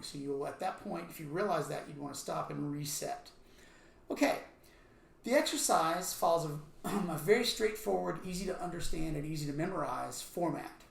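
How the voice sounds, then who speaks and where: Woman, drum lesson, patient counting aloud, slightly low voice, roomy echo, faint background hiss. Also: gravelly. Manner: patient, methodical, repeats counts and stickings. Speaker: drum teacher. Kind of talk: instructional explanation with counting aloud. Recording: echoey practice room, faint noise.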